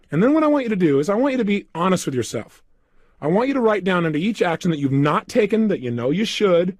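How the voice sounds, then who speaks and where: A man's voice: high-pitched, darkish tone, no echo, studio quality. A man coaching listeners through a self-help program, giving emphatic step-by-step instructions. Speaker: motivational coach. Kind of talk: recorded self-help seminar.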